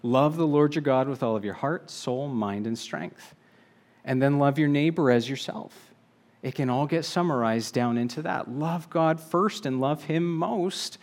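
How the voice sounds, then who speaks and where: A man delivering a sermon at a mid pitch, earnest and steady. He slows to lean on key phrases and keeps a calm, measured pace. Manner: earnest, measured preaching with slow emphatic phrases. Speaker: preacher.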